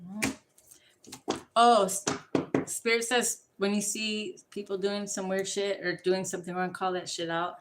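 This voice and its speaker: Giving a tarot reading in a rambling livestream chat, a woman curses freely and skips between topics. Her mid-range voice shows little pitch movement, at normal speed with few pauses. The background is noisy.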